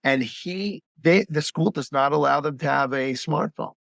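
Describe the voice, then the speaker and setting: A man's voice: fairly high pitch, moderate pace, creaky, fairly bright tone, no echo, studio quality. A man who is a pediatric gastroenterologist, talking in a casual podcast conversation and telling stories as he acts out the voices of patients' parents.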